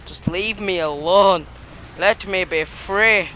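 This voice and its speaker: A man giving excitable, trash-talking commentary over his gameplay, laughing often. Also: high-pitched, slow pace, slight background noise. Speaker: gaming YouTuber.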